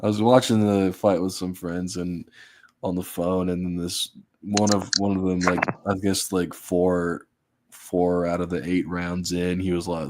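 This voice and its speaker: Deep-voiced man in casual chat. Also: unhurried. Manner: rambling, restarts often, animated when retelling. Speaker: podcast co-host.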